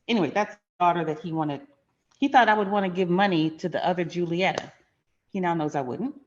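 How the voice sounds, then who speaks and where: With a lowish voice on dull-sounding audio, a middle-aged finance channel host shares a personal story in a frank, emphatic, conversational manner.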